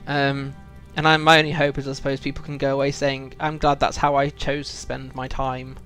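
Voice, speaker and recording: A man's voice: mid-range voice, little pitch movement, fairly quick, a bit bright, soft background music. A British man streaming a video game, chatting reflectively with viewers, full of ums and restarts. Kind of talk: casual live-stream chat while playing.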